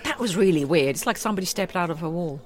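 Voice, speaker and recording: A woman's voice: lowish voice, expressive, fast talker, a little mellow. A woman from Switzerland with a Swiss accent, chatting casually and thoughtfully as podcast co-host. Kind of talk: casual chat.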